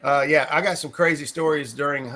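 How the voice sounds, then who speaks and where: A man's voice: on the high side, fairly even intonation, quick pace, sharp tone. A man hosting a live stream, reading viewer comments aloud and chatting in an easygoing way with small restarts. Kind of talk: casual chat.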